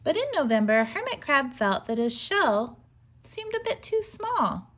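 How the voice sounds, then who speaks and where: A preschool teacher reading a picture book aloud to children in a gentle, animated storytelling manner. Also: female voice, high-pitched, unhurried.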